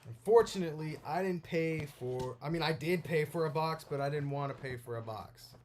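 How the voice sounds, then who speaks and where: A young man giving casual, rambling unboxing commentary, excitable and full of filler words. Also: a little high, moderate pace, slight background noise. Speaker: toy unboxing vlogger.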